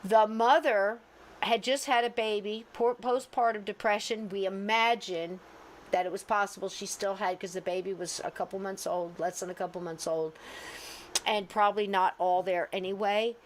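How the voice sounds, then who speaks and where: A middle-aged woman, a podcast co-host and medium, telling a story in a casual, earnest way and softly quoting her own gentle words. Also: medium pitch, fairly even intonation, normal speed, a little hiss or hum. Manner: earnest, soft-spoken retelling with gentle quoted asides.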